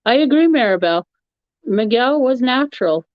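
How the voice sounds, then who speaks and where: On a dull, lo-fi, dry recording, a woman streamer rambles through a casual chat with her viewers, answering the live chat and laughing frequently. Her fairly high voice is expressive and moves at a moderate pace.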